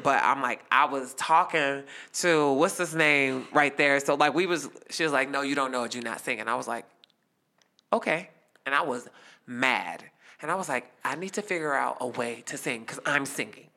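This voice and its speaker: A young man telling a lively story as a guest, acting out the quotes. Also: medium pitch, normal speed, creaky. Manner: animated, acts out quotes. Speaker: guest performer. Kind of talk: casual storytelling.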